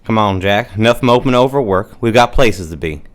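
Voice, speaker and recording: An actor doing a hearty young American man in a radio play, cheery and coaxing, with a lively voice that bounces up and down. He sounds heard from a little off the mic, with faint noise under him. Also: medium pitch, normal speed, close to an everyday voice. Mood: jovial.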